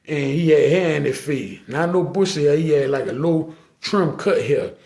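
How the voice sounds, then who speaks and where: Gravelly New Orleans man telling stories. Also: a little high, moderate pace. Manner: slangy, animated, acts out dialogue. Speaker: podcast guest telling a story. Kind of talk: casual street storytelling.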